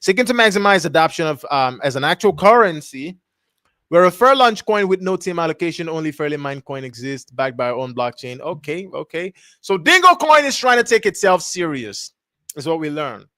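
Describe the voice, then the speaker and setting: A young man talks through a crypto chart on a livestream in a casual, rambling way, reading web text aloud haltingly and correcting himself as he goes. His voice sits a bit high, and the close mic leaves it dry with no room sound. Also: very animated, bright, forceful tone, no echo. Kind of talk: casual thinking-aloud screen review.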